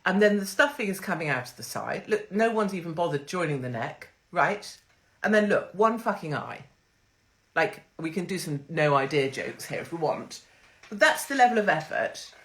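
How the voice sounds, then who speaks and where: A woman's voice: on the low side, a bit bright. A middle-aged woman, hosting a crude, sarcastic livestream monologue from home on her phone. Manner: brash, crude, sarcastic, swears freely. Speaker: livestream host.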